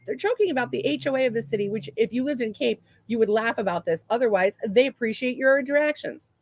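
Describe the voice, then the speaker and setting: A woman's voice: a little high, quick pace, darkish tone. Profane woman with a Boston accent. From Massachusetts. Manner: profane, rambling, reads listener comments aloud. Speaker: podcast co-host. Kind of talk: casual chat.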